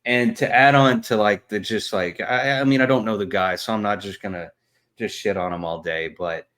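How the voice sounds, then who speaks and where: A man's voice: lowish voice, moderate pace, fairly bright tone. A man, co-hosting a casual sports podcast, blunt and trash-talking with lots of fillers. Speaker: podcast co-host.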